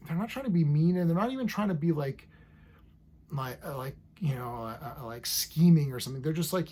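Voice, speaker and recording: A man's voice: fairly high pitch, lively intonation, a little fast, warm tone. A man casually reviewing a TV episode, rambling enthusiastically and acting out scenes as he goes.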